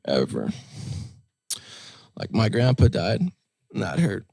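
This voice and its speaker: Soft-spoken young man with a gravelly voice. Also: fairly low pitch, sing-song, slow pace, dry recording, studio quality. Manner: soft-spoken, heartfelt, many fillers. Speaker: guest musician. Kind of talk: candid interview storytelling.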